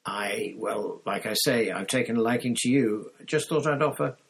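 A man doing a coaxing, gravelly wizard official. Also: normal speed, rough recording. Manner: hushed, coaxing, lowers his voice to confide. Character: jittery, ingratiating middle-aged male wizard official.

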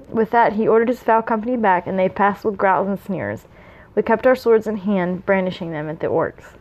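A woman's voice: mid-range voice, moderate pace, a little mellow. A woman reading fan fiction aloud, with small slips and asides. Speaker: reader.

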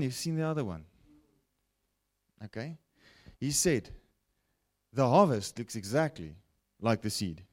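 Animated male preacher, slow and lively. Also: medium pitch. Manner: animated, rising and falling preaching with frequent "okay?" asides. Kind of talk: sermon. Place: broadcast teaching setting.

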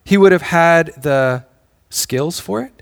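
A man's voice: a little high, slow pace, creaky, smooth. A man preaching a sermon in a conversational way, often restarting phrases and building in intensity. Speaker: pastor.

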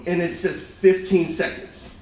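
High-voiced young preacher, animated and echoey. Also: male voice, unhurried. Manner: animated, repeats words, laughs while telling stories. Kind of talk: sermon with storytelling. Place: church hall. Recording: echoey room with a congregation. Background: congregation responding.

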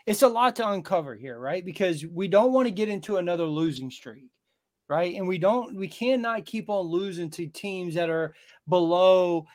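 A man hosting a casual fan podcast, with a notably high voice for a man. He pushes his co-hosts for their real opinions, asking and re-asking his questions. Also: lively intonation, moderate pace, darkish tone. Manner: prodding, asks pointed questions. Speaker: podcast host. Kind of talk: casual sports podcast chat.

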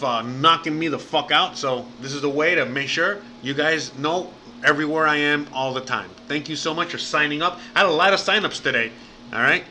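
Male livestream host, slightly high and very bright voice, loose and profane delivery. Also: brisk, soft background music. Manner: rambling and profane, says bro and man often. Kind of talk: casual livestream chat.

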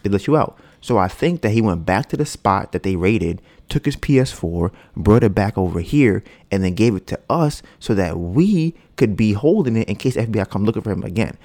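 A man's voice: moderate pace, few pauses. A man hosting a podcast, telling a long story in loose, slangy casual talk and acting out the lines of the people in it. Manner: animated, acts out quoted dialogue with rising pitch; loose slangy speech with frequent fillers. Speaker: podcast host.

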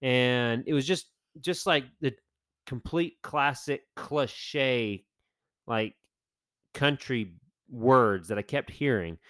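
A man co-hosting a podcast, telling animated, rambling stories in casual chat with lots of fillers. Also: medium pitch, slow pace, no room sound, studio quality. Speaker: podcast co-host.

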